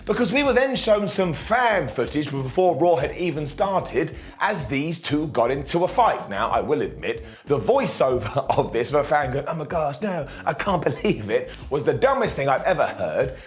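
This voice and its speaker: A man's voice: a little high, very animated, normal speed, hardly any pauses. A man reviewing a wrestling show in a joking, sarcastic way, often quoting people in mock voices. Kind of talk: animated wrestling recap.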